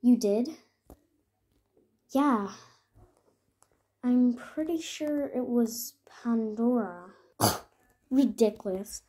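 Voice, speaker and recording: Woman doing all the horse voices in a toy mystery, slow and a bit high, whispers some lines. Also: mellow, breathy edge. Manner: switches between chatty, whispered and accusing character voices. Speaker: toy horse role-play creator.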